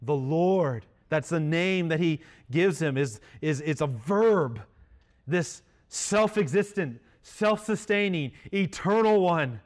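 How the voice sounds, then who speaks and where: A man's voice: a little high, animated, slow pace. A man preaching a sermon in a conversational way, with self-deprecating humor. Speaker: pastor.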